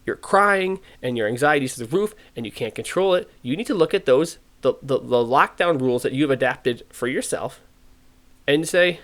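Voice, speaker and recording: Brief: male podcast host, opinionated rant, pitch jumps all over, mid-range voice. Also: normal speed, a little hiss or hum. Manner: animated, ranting, acts out quoted voices. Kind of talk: casual podcast opinion talk.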